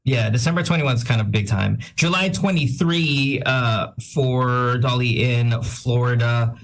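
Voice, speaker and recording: A male radio host in casual chat, reading out listener shout-outs with quick self-deprecating asides and a slightly sick-sounding voice. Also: medium pitch. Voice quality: says he sounds a bit sick.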